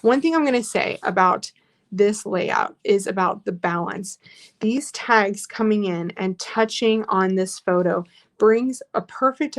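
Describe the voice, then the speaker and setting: A woman teaching a live online scrapbooking class in a chatty, encouraging way, reading out viewer comments as she works. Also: mid-range voice.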